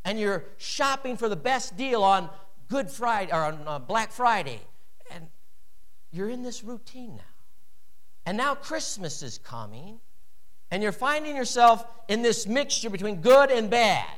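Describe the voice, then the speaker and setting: A man preaching a sermon in a church. His voice sits fairly high for a man. It swings from loud, animated peaks down to quiet, low asides. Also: unhurried. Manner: animated preaching with wide swings in pitch and volume. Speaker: pastor.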